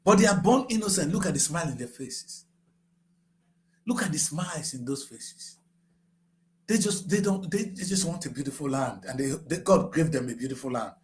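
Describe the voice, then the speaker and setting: A man in his sixties with a Nigerian English accent, giving impassioned political commentary that swings from grave and low to shouting. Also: expressive, normal speed, a little hiss or hum. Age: 60s.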